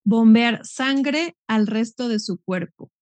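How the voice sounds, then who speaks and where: A woman who reads model phrases aloud for learners, slowly and deliberately. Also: fairly high pitch, a little mellow, dry recording. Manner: slow, deliberate phrase reading.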